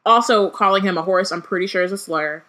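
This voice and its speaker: Chatty young woman with a bright voice. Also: medium pitch. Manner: chatty, quick asides, frequent "like". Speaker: podcast co-host. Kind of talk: casual book discussion and reading aloud.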